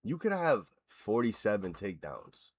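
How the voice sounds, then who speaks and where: A man's voice: lowish voice, normal speed, slightly rough. Profane man ranting about fights. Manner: profane, blunt, animated ranting. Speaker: reaction video host. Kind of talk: casual fight reaction rant.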